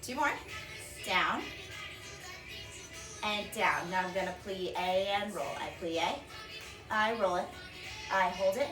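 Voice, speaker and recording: A young woman teaching a children's dance warm-up from a home workout room, cheerfully counting beats and coaching. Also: mid-range voice, takes it slowly, long pauses. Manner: bright, encouraging, counts beats aloud. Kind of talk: upbeat kids' dance class instruction. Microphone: camera across the room. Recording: echoey room from far off, with music. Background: music playing.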